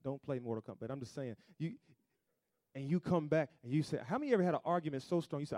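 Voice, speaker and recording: Pastor preaching in church, kinda high voice, dry close sound, goes loud then real quiet. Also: male voice, fast, no echo. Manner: call-and-response preaching, swings from loud to hushed. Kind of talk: sermon.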